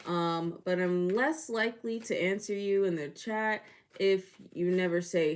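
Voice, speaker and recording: A woman's voice: fairly low pitch, unhurried. A woman hosting a casual livestream of readings, chatty and laughing often, greeting viewers by name. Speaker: livestream tarot reader and host.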